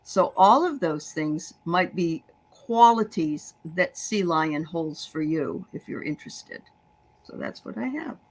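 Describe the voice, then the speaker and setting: An older woman hosting a medium session, chatting casually and passing on messages, quick to affirm and laugh. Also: lowish voice, animated. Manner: affirming listener, lots of mm-hmms, easy laughs. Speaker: host and medium. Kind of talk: casual chat.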